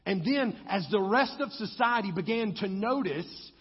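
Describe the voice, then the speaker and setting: A male pastor preaches, swelling and easing in intensity. His voice sits fairly high and has a husky edge. The dull recording carries a long reverb from the church hall. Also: lively intonation, normal speed. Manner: preaching with rising and falling intensity, acting out quotes. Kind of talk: sermon.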